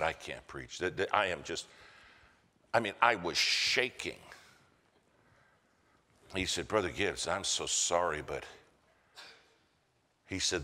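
A man's voice: low-pitched, sharp tone. An American man preaching a sermon, telling a story and acting out the voices of the people in it. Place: church sanctuary. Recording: church hall reverb.

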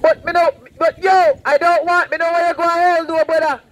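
Male street preacher, very high pitch, fervent and pleading, outdoors with light traffic noise. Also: level tone, a little fast, fairly bright tone, poor audio. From Saint Vincent. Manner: fervent, repetitive, warning and pleading. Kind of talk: open-air preaching. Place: outdoors on a roadside.

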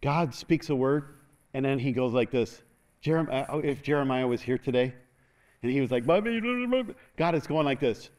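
A man's voice: mid-range voice, fairly even intonation, normal speed, a little mellow. An older man preaching a sermon as pastor, folksy and joking, leading the congregation in call-and-response.

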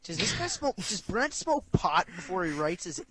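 A man's voice: sits high, big pitch swings, normal speed, pushed and bright. Laughing male podcast host. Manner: laughs often, jokey. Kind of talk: casual chat, reading listener stories aloud.

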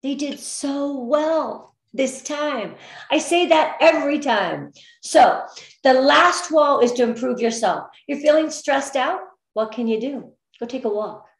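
A bright, higher-pitched middle-aged woman leads a motivational business training, upbeat and encouraging. She gets emotional at times, and her voice rings in an echoey room. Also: lively intonation, measured pace. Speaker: direct sales team leader.

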